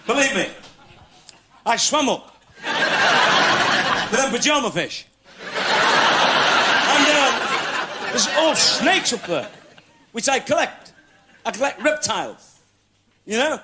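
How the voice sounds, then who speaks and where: A man's voice: very high voice, expressive, slow, long pauses. A male comedian hosting a stage show, telling cheeky stories and laughing along with the audience. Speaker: comedian host. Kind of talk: stand-up audience Q&A. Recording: loud crowd laughter, noisy TV studio.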